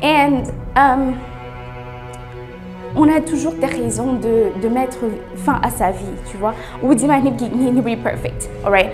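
A woman's voice: a little high, normal speed. A woman host gives an earnest, emphatic motivational talk and repeats key words for stress. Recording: music playing underneath. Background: music.

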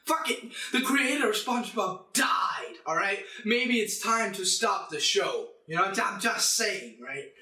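A young man hosting a comedic, profane rant, swearing constantly and bursting into shouts. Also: high voice, lively intonation, a little slow, few pauses. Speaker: channel host. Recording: echoey room.

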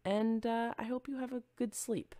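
A woman's voice: a little high, steady tone, moderate pace, warm tone, no echo. A young woman streamer chatting casually and rambling with her viewers, easily distracted and giggling often. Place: home room.

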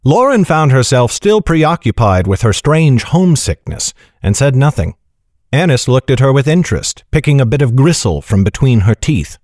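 Man reading fantasy audiobook, steady even tone, mid pitch, dry close sound. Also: normal speed, no echo. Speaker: audiobook narrator. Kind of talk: scripted fantasy narration.

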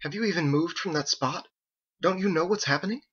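A man's voice: fairly high pitch, fairly quick, a bit bright, slightly rough, pitched above the performer's own voice. A man voicing a desperate, frantic man who pleads in urgent outbursts, in a dull lo-fi recording. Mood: exasperated. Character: frantic, soaked man desperate to save others.

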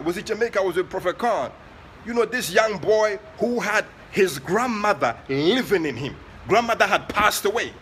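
A man with a Ghanaian accent preaching during an online prayer session, moving between soft asides and loud, passionate exclamations. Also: high-pitched, slight background noise. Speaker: prophet leading online prayer. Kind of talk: sermon.

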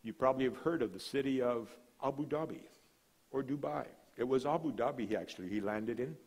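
A man preaching a sermon with a mid-range voice, building to proclaimed lines and then dropping almost to a hush. He tells stories in a relaxed, conversational way between the big statements. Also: mid-range voice, a little fast, slightly rough. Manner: dramatic preaching with sudden drops to a hush; storytelling, relaxed asides. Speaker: guest speaker, missionary.

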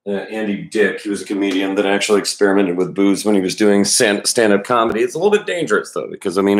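This is a man with a very low voice rambling casually, stopping and restarting his thoughts and chatting between reading bits. He sounds like he's at home, and the room comes through noticeably echoey. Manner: rambling, many restarts and fillers, self-deprecating. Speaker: reader giving commentary.

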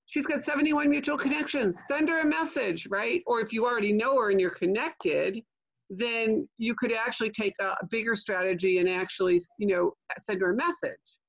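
Older lady coaching on a video call, chatty, gravelly voice, kinda dull lo-fi audio. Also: fairly high pitch, moderate pace. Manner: chatty, keeps asking "okay?" and "right?"; jokey asides. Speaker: LinkedIn trainer. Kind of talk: online training webinar.

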